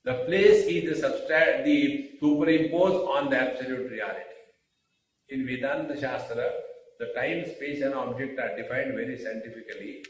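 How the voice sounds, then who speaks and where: A man giving a spiritual discourse, speaking deliberately with rhetorical questions and pauses. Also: medium pitch, fairly even intonation, a little hiss or hum. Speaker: spiritual teacher. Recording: very echoey room, mic far off.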